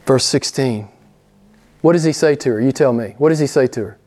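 A man's voice: mid-range voice, brisk, darkish tone. A man preaching a sermon to a small group, emphatic, repeating his key phrases and asking rhetorical questions. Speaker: pastor.

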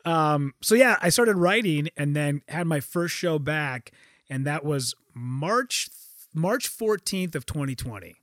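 Middle-aged comic guy, high voice, animated, cusses a lot, dry close sound. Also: slow, no room sound. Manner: animated, swears freely, frequent restarts. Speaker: stand-up comedian, podcast guest. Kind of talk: casual storytelling chat.

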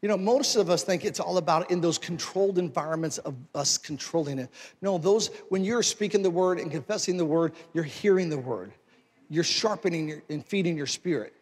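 A male pastor preaching a sermon, moving from conversational talk to forceful exhortation. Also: fairly high pitch, fairly quick, big-room sound.

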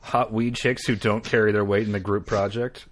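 A man's voice: fairly low pitch, flat delivery, normal speed. A man hosting a podcast, telling stories in a wry, casual way with offhand swearing. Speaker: podcast host. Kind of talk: casual chat.

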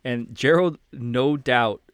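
A man's voice: medium pitch, slow, smooth, no room sound. A man in his thirties hosting a podcast in casual chat, laughing often, joking and swearing freely. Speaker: podcast host.

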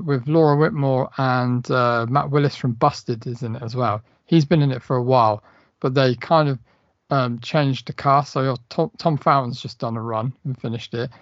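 A man's voice: medium pitch, no echo, muffled recording. A man co-hosting a casual podcast chat, rambling with lots of fillers and swearing. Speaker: podcast co-host.

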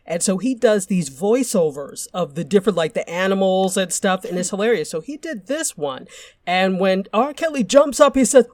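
A woman from Nigeria co-hosting a casual pop culture chat, animated and quick to laugh. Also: mid-range voice. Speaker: podcast co-host.

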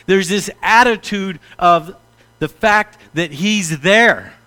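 A middle-aged man preaching a sermon as pastor, animated and direct, slipping into mock-pompous prayer voices to make a point. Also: high-pitched, takes it slowly.

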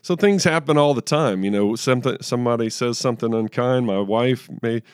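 A man's voice: mid-range voice, a little fast, clean tone, no echo, clean studio sound. A man in his thirties co-hosting a faith podcast, telling personal stories in an earnest way with frequent restarts. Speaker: podcast co-host. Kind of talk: casual faith discussion.

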